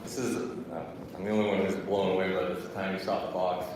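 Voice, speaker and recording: A man's voice: low voice, fairly even intonation, brisk. A man joking at a memorial gathering. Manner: joking, laughing. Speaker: memorial speaker. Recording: echoey hall from far off, noisy.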